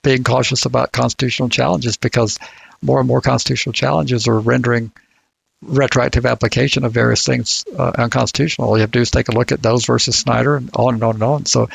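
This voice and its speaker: Southern-drawling man, very gravelly, dry close sound, measured legal podcast talk. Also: mid-range voice, flat delivery, no room sound, poor audio. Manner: deliberate, halting, many restarts. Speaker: legal commentator. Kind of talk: casual podcast discussion.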